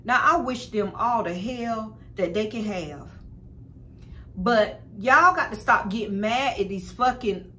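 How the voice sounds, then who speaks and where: A woman's voice: mid-range voice, pushed and bright. A young woman telling a personal story to her viewers in a blunt, profane, casual way, often calling them y'all. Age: young adult. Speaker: spiritual vlogger.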